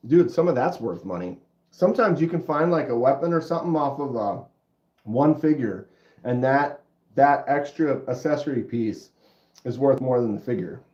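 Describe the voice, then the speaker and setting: A middle-aged man with a stuffy nose hosting a casual livestream, chatting with viewers in a laid-back, drawn-out way. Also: mid-range voice, lively intonation, darkish tone. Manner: laid-back, drawn-out, says dude and bro. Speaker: livestream host. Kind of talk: casual livestream chat reading comments. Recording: roomy, dull lo-fi sound.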